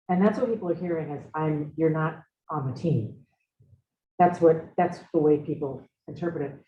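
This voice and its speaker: A woman's voice: sits low, normal speed, slight background noise. A middle-aged woman leading a seminar, talking reflectively and engaging her students with questions. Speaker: seminar leader. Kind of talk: conversational seminar talk. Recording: roomy, slightly dull room recording.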